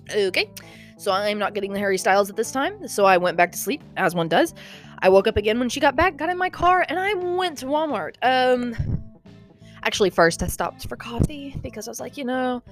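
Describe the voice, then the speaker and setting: A young woman, rambling animatedly in a casual vlog and sounding a bit out of breath. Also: on the high side. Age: young adult. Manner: animated, rambling, lots of "okay?" and "like". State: slightly out of breath. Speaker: vlogger.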